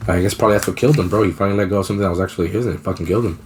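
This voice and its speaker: A man's voice: low-pitched, very fast, darkish tone, a little hiss or hum. A young man co-hosting a podcast, telling a story in casual, slangy, profane talk. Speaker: podcast co-host.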